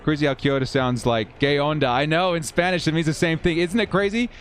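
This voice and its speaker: A man's voice: fairly high pitch, brisk, slight background noise. A man hosting a live stream, casually calling simulated football plays and chatting with viewers between plays. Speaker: livestream host of football game simulations. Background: faint 1980s-style background music.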